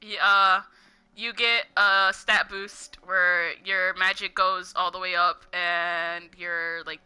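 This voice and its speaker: Giggly bright-voiced young woman ranting. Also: lowish voice, level tone, slow pace, clean tone. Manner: giggly, heavy use of "like", ranting. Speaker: gaming streamer. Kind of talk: casual gameplay commentary, rambling.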